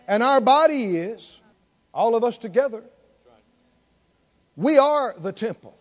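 High-voiced man preaching with rising fervor. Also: expressive, unhurried, pauses often, lo-fi sound. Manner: call-and-response preaching, rising to near shouts. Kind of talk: sermon.

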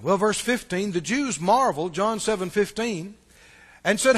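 A man with a very high voice preaches a sermon in a hall with a long reverb. He tells stories and swings between loud passages and hushed asides. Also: animated, normal speed. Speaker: pastor.

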